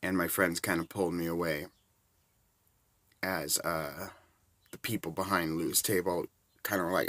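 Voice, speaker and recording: A man's voice: low-pitched, steady tone, moderate pace, pauses often, fairly bright tone, no room sound. A man in his forties telling rambling, casual anecdotes and chuckling between bits. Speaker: storyteller.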